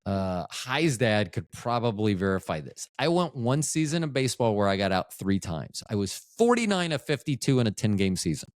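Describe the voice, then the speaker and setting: A man's voice: lowish voice, very animated, moderate pace, few pauses, dry recording, studio quality. A middle-aged man recovering from a stroke, hosting a podcast in a rambling, profane, self-interrupting monologue that often loses its thread. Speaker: podcast host.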